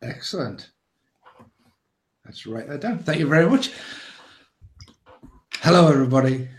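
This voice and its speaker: A man's voice: on the high side, sing-song, normal speed. A man, chatting cheerfully as co-host with many hesitant fillers. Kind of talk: casual livestream chat. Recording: echoey room.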